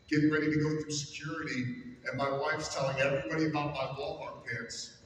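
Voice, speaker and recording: A broadcaster giving a humorous, self-deprecating storytelling speech to a live audience in a large hall. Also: male voice, fairly high pitch, a bit bright, slight background noise. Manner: self-deprecating, comic anecdotes. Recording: echoey hall, distant mic, faint ambience.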